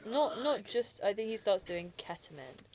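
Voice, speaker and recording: A woman's voice: medium pitch, very animated, moderate pace, slight background noise. A young woman, hosting a podcast and telling a rambling story full of fillers and laughs. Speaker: podcast host. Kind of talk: casual chat.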